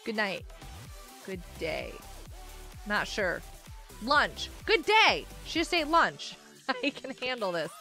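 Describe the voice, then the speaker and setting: A woman's voice: medium pitch, huge pitch swings, slow pace, long pauses, bright, forceful tone, faint music behind. A woman hosting a casual gaming livestream, chatting with viewers, giggling often and reading out chat messages. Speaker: livestream host.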